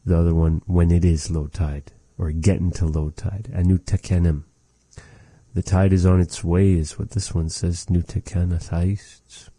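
A male language teacher talks in a deep, mellow voice, slowly and patiently explaining each word and repeating it. The sound is dry and close, with no room around it. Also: level tone, slightly rough, dry recording. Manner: slow, patient, repeats words after recordings. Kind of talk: language lesson.

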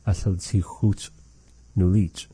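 Slow, deep-voiced man teaching patiently. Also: flat delivery, dark tone, slightly rough. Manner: slow, patient, repeats phrases for practice. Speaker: language teacher. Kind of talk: language lesson conversation.

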